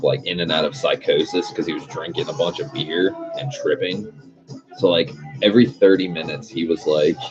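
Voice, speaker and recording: A young man chatting casually on a live stream, telling a loose, profane story with frequent chuckles. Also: low-pitched. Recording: dull lo-fi sound with faint music behind.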